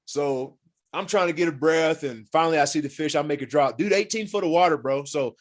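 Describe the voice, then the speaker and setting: A man telling hunting and fishing stories as a podcast guest in casual, animated talk, swearing freely and acting out what people said. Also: fairly high pitch, brisk. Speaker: podcast guest, former pro football player. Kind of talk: casual storytelling.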